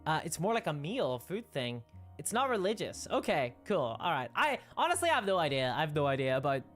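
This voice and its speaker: A woman's voice: low voice, big pitch swings, fairly quick, soft background music. A woman hosting a casual livestream, rambling and laughing often as she reads viewer comments. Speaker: livestream host.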